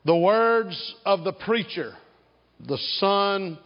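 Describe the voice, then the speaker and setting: A pastor delivers a sermon in a church sanctuary, his voice sitting a touch high for a man. He takes his time, leaning hard on key words and calling the congregation to repeat after him. The recording is dull and muffled, with a long reverb tail from the hall. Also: lively intonation, breathy edge. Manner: slow, emphatic, draws out key words; leads congregation in call and response.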